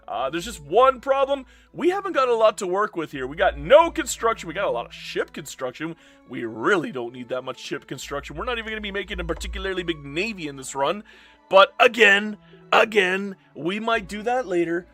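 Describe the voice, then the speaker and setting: A tired, hoarse man doing chatty live gameplay commentary as a streamer, greeting his chat by name. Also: high-pitched, fairly bright tone.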